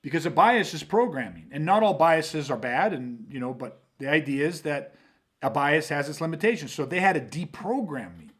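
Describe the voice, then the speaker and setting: Animated cursing podcast host, man. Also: on the high side, normal speed, slightly rough. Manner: animated storytelling with lots of cursing and restarts. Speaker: podcast host, self-defense instructor. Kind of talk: casual podcast talk.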